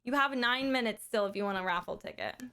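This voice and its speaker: High-voiced woman streamer, animated storyteller. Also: quick pace, clear, resonant tone. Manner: animated, laughing often, casual swearing. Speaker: streamer hosting a charity fundraiser. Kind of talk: casual storytelling chat.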